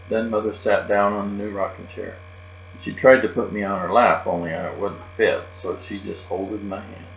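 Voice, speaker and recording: A man's voice: sits low, fairly even intonation, normal speed, creaky, faint music behind. A man narrating a children's book aloud in a childlike first-person storytelling manner. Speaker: audiobook reader. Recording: roomy, dull, with mains hum.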